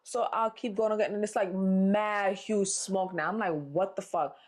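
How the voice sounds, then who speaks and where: A young woman co-hosting a casual podcast, telling a story with lots of swearing and acting out the people she quotes. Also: moderate pace. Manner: animated storyteller, acts out quotes in a higher voice, swears freely. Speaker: podcast co-host.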